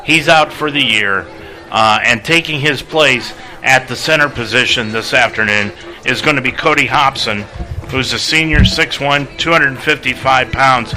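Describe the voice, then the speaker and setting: This is a male play-by-play broadcaster with a very bright, sharp tone. He speaks in a steady, informative announcer style, setting up the next segment for his partner. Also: medium pitch, moderate pace, rough recording. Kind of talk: sports broadcast commentary.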